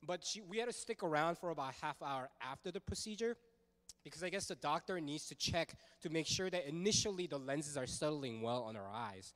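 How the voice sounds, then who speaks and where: A man preaching a sermon as pastor, telling a story in a casual, animated way with lots of fillers. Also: on the high side, brisk, in a large hall.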